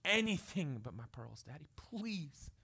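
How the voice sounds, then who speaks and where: A man voicing a small four-year-old girl who pleads in a soft half-whisper. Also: on the high side, very animated, unhurried, gravelly, slightly rough, heavily acted. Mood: pleading. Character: little girl, about four, sweet and pleading.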